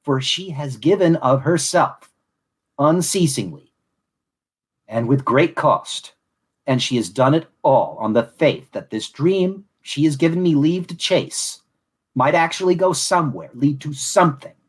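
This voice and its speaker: A man reading a solemn, grandiose scripted monologue as a podcast host, deliberate and formal, then chatting casually. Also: fairly high pitch, lively intonation, husky.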